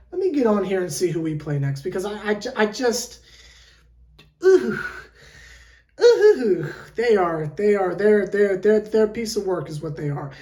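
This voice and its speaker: A woman's voice: medium pitch, mellow, echoey room. A woman sports fan vlogger ranting in an exasperated, theatrical way, with lots of rhetorical questions. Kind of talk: fan reaction rant.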